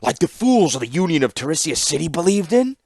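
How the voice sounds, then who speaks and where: A man voicing a stern, commanding older warlord who speaks grimly and forcefully. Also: a little high, big pitch swings, slightly rough, no room sound, voice pushed up, full character voice. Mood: scornful. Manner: grim, slow and forceful.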